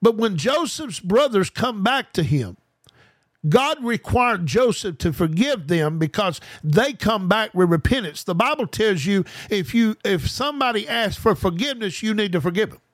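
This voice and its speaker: In a dry recording, a man with a high voice preaches an informal podcast sermon. Fervent and colloquial, he keeps repeating key phrases, throws rhetorical questions at listeners, and addresses them straight on as "guys."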